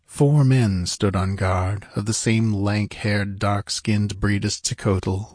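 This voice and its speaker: A man reading an adventure novel aloud as audiobook narrator, measured and even. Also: fairly low pitch, no room sound, studio quality. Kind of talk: scripted narration.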